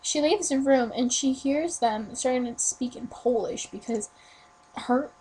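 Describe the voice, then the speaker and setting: Teen girl, rambling webcam ghost story, full of fillers, slightly high voice, faint hum. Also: a little mellow, low-quality recording. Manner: rambling, filler-heavy ghost story with quick self-corrections. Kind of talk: casual video reply storytelling. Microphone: webcam mic.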